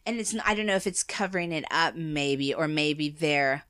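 A woman's voice: deep voice, moderate pace, crowd noise. A woman from the United States co-hosting a podcast in casual chat, laughing often and restarting her sentences. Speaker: podcast co-host.

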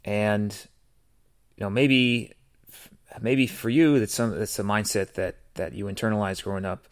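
Man hosting in casual, halting talk. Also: lowish voice, fairly even intonation. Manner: hesitant, many fillers and restarts. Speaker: podcast host. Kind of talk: casual commentary.

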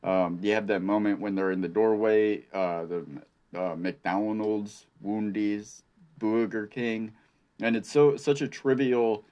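A man with a low voice talks through his favorite film scenes in an easy, conversational way. He uses a few fillers as he goes, in a casual podcast chat. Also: fairly even intonation, slow pace, clean tone, lo-fi sound. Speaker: podcast co-host.

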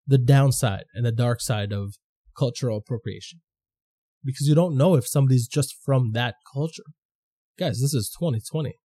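A man's voice: mid-range voice, mellow, slightly rough. A man hosting a podcast, talking through his opinions in a loose, rambling, profane way. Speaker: podcast host. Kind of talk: casual opinion monologue.

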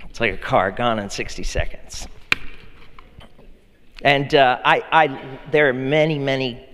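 A man's voice: medium pitch, fairly bright tone. A male pastor preaching a sermon in a conversational, playful way, often repeating words for emphasis. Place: large church hall. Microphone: handheld mic. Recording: long hall reverb.

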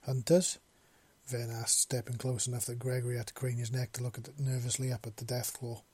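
A man narrating a story in a steady storytelling manner. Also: medium pitch, fast talker, husky, no room sound. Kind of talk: audiobook narration of fan fiction.

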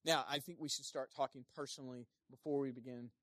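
A pastor preaching a sermon, animated, swinging between loud emphasis and quiet asides, and acting out the people quoted. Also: medium pitch, fast talker, no echo, clean studio sound. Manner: acts out quoted speakers in playful voices.

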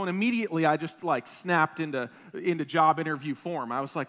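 A man in his thirties from Wisconsin, preaching a sermon as a pastor, telling a personal story in an animated, self-deprecating way with frequent restarts. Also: a little high, fairly quick, hardly any pauses. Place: church sanctuary. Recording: long reverb of a church hall.

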